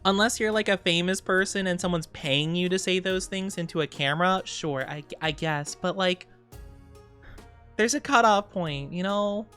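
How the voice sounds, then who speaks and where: A woman's voice: on the low side, moderate pace, a bit bright, clean tone, faint music behind. A woman in her twenties chatting casually on stream, rambling and giggling often, and playing around with silly voices. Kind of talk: casual chat.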